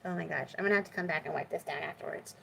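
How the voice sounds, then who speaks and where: A woman's voice: low voice, racing, vocal fry, fairly bright tone, a little hiss or hum, rough recording. A woman hosting a crafting video, chatting casually and with self-deprecating humor as she works in her home craft room. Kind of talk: casual crafting chat while working.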